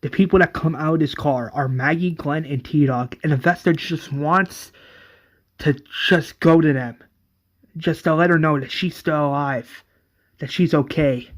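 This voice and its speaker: A man's voice: a little high, unhurried. A man casually narrating a fan retelling, with loose, conversational phrasing.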